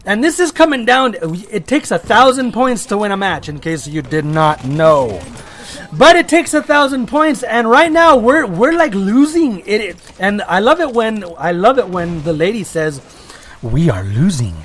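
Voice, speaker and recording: A man's voice: sits high, big pitch swings, normal speed, a bit bright. A man giving casual gameplay commentary, rambling and joking as he restarts his sentences. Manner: rambling, self-interrupting, jokey. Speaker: gaming video creator.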